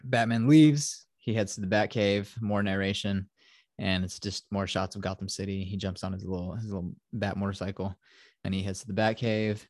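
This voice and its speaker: A man hosts a casual podcast, retelling a film in a rambling way with lots of fillers and swearing. His voice sits on the low side. The sound is dry and close. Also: steady tone, moderate pace, a little mellow, no room sound. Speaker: podcast host.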